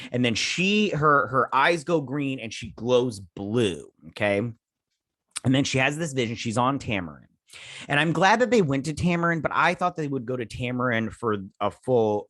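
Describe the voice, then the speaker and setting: A man's voice: fairly low pitch, a bit bright, no echo, studio quality. A man hosting a casual episode recap and review, rambling and joking with mock-indignant asides. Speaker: show host reviewing a TV episode.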